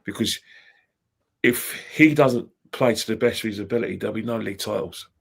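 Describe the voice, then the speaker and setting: A middle-aged man co-hosting a fan stream speaks with a husky, gravelly voice. He delivers his views emphatically and insistently, and his voice sits on the low side. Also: fairly quick. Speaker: co-host. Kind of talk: fan talk commentary.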